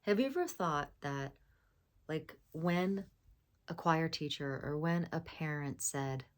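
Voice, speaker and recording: A woman speaking as a spiritual voice coach, gentle and affirming, sometimes dropping into a soft whisper. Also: low-pitched, slow pace. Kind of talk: spiritual self-help talk.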